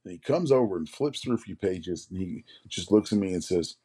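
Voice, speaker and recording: A man in his forties, a comic artist, telling rambling anecdotes in a casual interview, often clearing his throat. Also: low voice, expressive, fairly quick, warm tone. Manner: rambling anecdotes, acts out others' lines.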